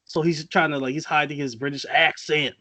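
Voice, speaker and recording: A man co-hosting a casual podcast chat, animated and laughing, often mimicking movie characters. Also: a little high, quick pace. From Trinidad. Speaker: podcast co-host.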